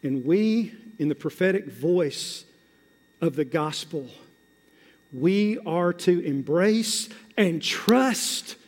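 A man preaching a sermon as pastor, drawing out key words and repeating phrases, swelling from hushed, slow passages to loud, rising exhortation. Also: fairly high pitch, expressive. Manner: emphatic, drawn-out words and repetition. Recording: long hall reverb.

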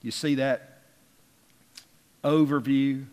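A man's voice: medium pitch, steady tone, slow pace, darkish tone, smooth. A man preaching a sermon with emphasis, drawing out key words and rising in force when he reads scripture. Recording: long reverb of a large hall.

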